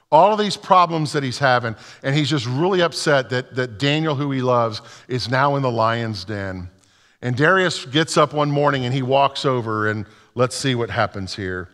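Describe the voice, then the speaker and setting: A man's voice: mid-range voice, fairly bright tone, big-room sound. A man preaching a sermon as pastor, retelling scripture stories and acting out the dialogue with rising fervor.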